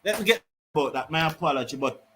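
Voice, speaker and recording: A man's voice: fairly high pitch, expressive, quick pace, slight background noise. A man commentating on a cricket match, ranting indignantly and repeating himself with emphatic outbursts. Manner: indignant, repetitive, emphatic, sometimes shouting. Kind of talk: live fan commentary and rant.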